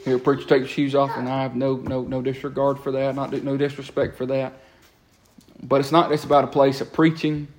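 A man, preaching a lively sermon in a church and breaking into quick asides and repeated words. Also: mid-range voice, a little hiss or hum. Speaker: pastor. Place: church sanctuary.

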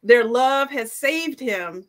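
A woman's voice: a little high, expressive, slow pace, crowd noise. A woman on a comedy podcast panel, telling a story in a blunt, laid-back way. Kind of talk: comedic debate banter.

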